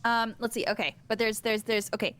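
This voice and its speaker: A woman's voice: fairly high pitch, steady tone, brisk, a bit bright. A woman playing a tabletop game, explaining her character's actions in chatty, filler-heavy talk. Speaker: player.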